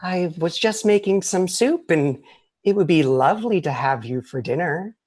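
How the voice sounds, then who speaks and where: A man's voice: high voice, expressive, normal speed, a little mellow, voice pushed up. A man doing a sugary sinister old witch. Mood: sinister sweet.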